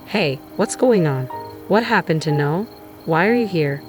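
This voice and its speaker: Woman playing a strained urgent husband, deep voice, music behind. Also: animated, unhurried. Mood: alarmed. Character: adult husband, strained and defensive.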